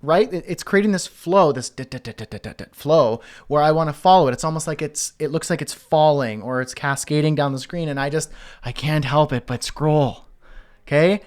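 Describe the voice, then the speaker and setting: Man, web design tutorial, casual screen-share walkthrough, thinking aloud, fillers and restarts, a bit high-pitched. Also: moderate pace.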